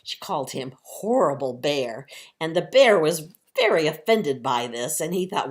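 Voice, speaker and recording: A woman talks children through a story and its lesson in a gentle, chatty children's sermon. Her voice sits low for a woman and stays even. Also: a little slow. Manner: gentle, chatty explaining to kids. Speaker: children's time leader at church.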